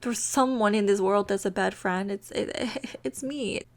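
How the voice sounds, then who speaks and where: Brief: a woman doing a nervous young woman, halting and stammering, wracked with guilt. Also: medium pitch, lightly acted. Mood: anxious. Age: young adult. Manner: stammering, hesitant. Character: guilty, anxious young woman confessing to her friend.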